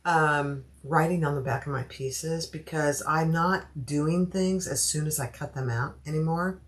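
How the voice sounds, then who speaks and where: A woman's voice: sits low, measured pace. A woman hosting a sewing livestream, chatting casually and thinking aloud as she cuts out fabric pieces and greets viewers by name. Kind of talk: casual livestream chat while cutting fabric.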